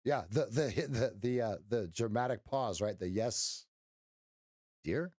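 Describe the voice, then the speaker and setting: Speaking at a normal speed in a mid-range, darkish voice, this middle-aged trading livestream host banters casually with his viewers, mixing jokes with folksy encouragement. The sound is dry and clean, like a studio.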